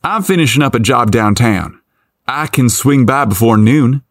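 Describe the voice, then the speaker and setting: A man's voice: mid-range voice, animated, moderate pace, no room sound, clean studio sound, lightly acted. A man voicing a friendly young male cable repairman with a country accent, easygoing and helpful.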